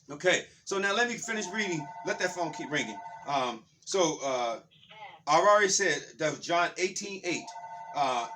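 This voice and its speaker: A man's voice: on the high side, normal speed, bright, forceful tone, far from the mic. A man giving a spiritual talk in a fired-up, preacher-like way, repeating his phrases. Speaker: spiritual speaker.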